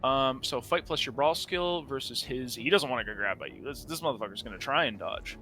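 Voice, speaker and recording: A man's voice: medium pitch, lively intonation, fairly quick, pushed and bright, soft background music. A man running a tabletop game as game master, narrating casually with frequent swearing and hesitations.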